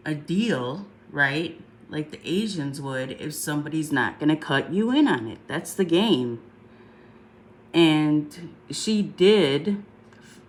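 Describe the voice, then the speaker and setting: A congested woman talking casually on a livestream, rambling and chatty, often saying "um" and asking "right?" along the way. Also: low voice.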